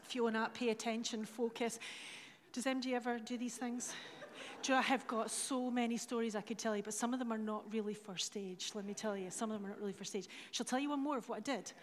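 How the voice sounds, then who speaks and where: A woman's voice: a little high, steady tone, fast talker. A middle-aged Scottish woman speaking from a church stage, telling self-mocking stories and acting out the dialogue. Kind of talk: anecdotal sermon talk. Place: large church hall. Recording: live hall with long reverb.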